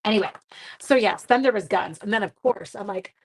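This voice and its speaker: A woman's voice: mid-range voice, brisk, a little hiss or hum, rough recording. A middle-aged woman, hosting a card-making livestream and chatting with viewers while telling a rambling story. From Canada. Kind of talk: casual chat while crafting.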